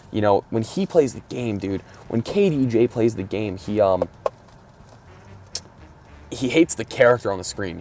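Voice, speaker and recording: Brief: low-voiced guy, rambling, mumbly, swearing, talking from his car. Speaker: podcast host. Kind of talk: casual solo chat while driving.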